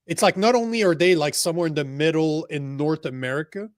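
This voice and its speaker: A man whose first language is French talks bluntly and profanely in a casual co-host chat. His voice sits a little high and he gets animated. The recording is dry and close. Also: fast, no echo. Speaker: podcast co-host.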